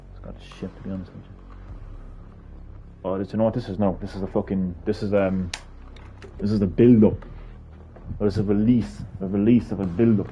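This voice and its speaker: A man's voice: low-pitched, dull audio, slight background noise. An Irish man streaming a game, ranting casually and heatedly with lots of swearing. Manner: profane, heated, rambling. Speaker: gaming streamer.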